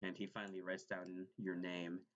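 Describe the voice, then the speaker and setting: A man with a fairly low voice narrates a tabletop game as its game master. He stops and restarts often, filling the gaps with fillers. The recording sounds dull and lo-fi. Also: monotone, normal speed, a bit bright. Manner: hesitant, many fillers and restarts.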